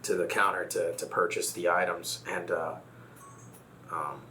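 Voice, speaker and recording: A man's voice: low voice, level tone, unhurried, sharp tone, slight background noise. A man from Texas, a guest in a casual conversation, talking reflectively and telling a personal story.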